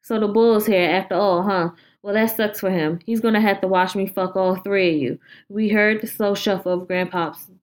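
A woman casually reading a horror story aloud, informal, with stumbles and swearing. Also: fairly low pitch.

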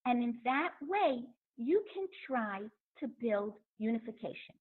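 Woman Torah teacher, high pitch, lively lecture delivery, narrow phone-line sound. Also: a little slow. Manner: animated, acts out quotes.

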